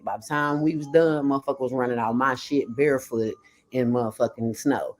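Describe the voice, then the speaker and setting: A woman's voice: rumbling low, a little fast. Blunt, profane woman telling her story. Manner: animated, acts out quoted lines. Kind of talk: casual chat.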